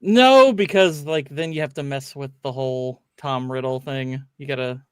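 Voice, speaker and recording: A man's voice: mid-range voice, moderate pace, smooth, no room sound, clean studio sound. A man on a podcast panel, chatting casually and explaining things with lots of fillers. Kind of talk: casual livestream chat.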